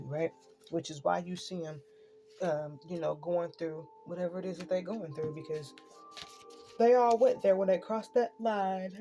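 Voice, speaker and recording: A woman's voice: on the low side, dark tone. A woman ranting in a casual spoken monologue, swearing freely and tossing in "right?" again and again. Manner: profane, ranting, keeps asking "right?". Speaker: online spiritual speaker.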